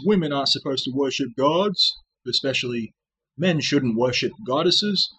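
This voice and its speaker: A man ranting at his commenters in a mocking, sarcastic tone, breaking into shrill manic laughter. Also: normal speed, a bit bright, slight background noise, rough recording. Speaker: channel host.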